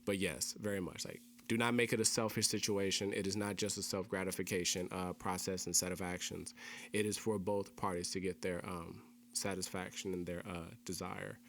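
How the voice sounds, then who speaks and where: A man's voice: deep voice, level tone, moderate pace, a little hiss or hum. A young man hosting a casual podcast chat, explaining things earnestly and repeating key phrases for emphasis. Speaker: podcast host.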